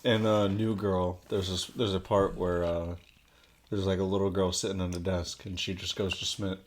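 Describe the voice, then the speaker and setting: A man co-hosting a podcast in casual chat, jokey, reacting quickly and quoting TV scenes. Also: low-pitched, fairly even intonation. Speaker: podcast co-host.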